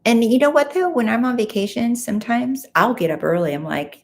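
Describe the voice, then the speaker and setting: A woman's voice: fairly high pitch, lively intonation, brisk, vocal fry. Chatty woman hosting a late-night livestream. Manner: chatty, reads comments aloud and reacts. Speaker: livestream host reading viewer comments. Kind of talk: casual live chat.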